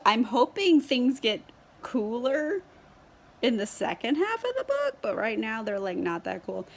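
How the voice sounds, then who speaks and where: A woman book vlogger speaks a little slowly in a fairly high, sing-song voice. She's tipsy on wine and casually reviewing a book for a tripod-mounted camera, chatty and giggly, with plenty of fillers and swearing.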